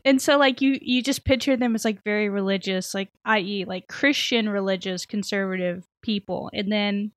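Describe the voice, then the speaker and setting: A woman's voice: medium pitch, fairly even intonation, normal speed, few pauses, no room sound. Chatty woman podcaster, dry sound. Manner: chatty, filler-heavy, laughs often. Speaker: podcast co-host. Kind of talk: casual chat recapping a TV episode.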